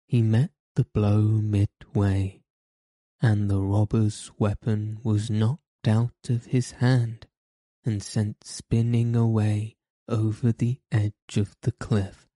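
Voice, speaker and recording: Slow, dark-voiced male storyteller. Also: on the low side, no room sound. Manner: steady, measured read-aloud delivery. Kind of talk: storybook narration.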